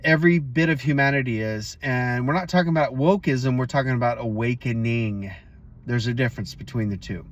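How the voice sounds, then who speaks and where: A man's voice: mid-range voice, brisk. A man hosting a motivational vlog, telling a story casually and speaking straight to his viewers. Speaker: host.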